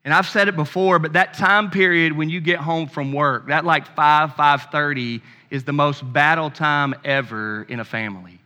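A man's voice: a little high, fairly even intonation, moderate pace, hardly any pauses, sharp tone, big-room sound. A man preaching a sermon as pastor, emphatic and impassioned, with conversational asides to the congregation.

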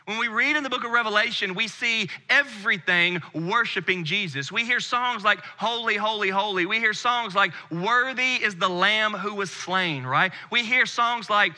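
Bright-voiced preacher man in a hall. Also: sits high, moderate pace, hardly any pauses. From United States. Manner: earnest preaching, drops quiet on key phrases. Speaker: pastor. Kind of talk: sermon. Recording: long hall reverb.

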